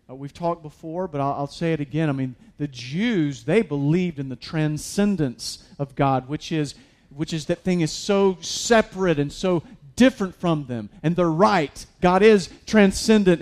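A man's voice: on the high side, darkish tone. A man preaching a sermon as a pastor, conversational with many fillers and restarts, building to emphatic peaks.

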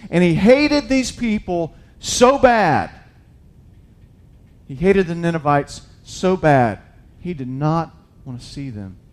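Male preacher, sermon, fairly high voice, animated, loud to hushed, casual paraphrase. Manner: conversational, paraphrases scripture casually.

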